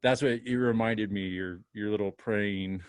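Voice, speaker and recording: A man chatting on a casual podcast, low-pitched and loose, wandering through stories full of fillers. The sound is dry and close, with no room around him. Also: steady tone, measured pace, no room sound. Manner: rambling storyteller, chatty fillers. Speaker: podcast co-host. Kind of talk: casual chat.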